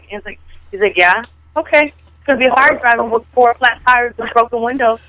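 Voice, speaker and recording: A woman's voice: a little high, fairly quick, a bit bright, dry recording, poor audio. Podcast co-host, woman, exasperated storyteller, dry close sound. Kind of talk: casual podcast chat.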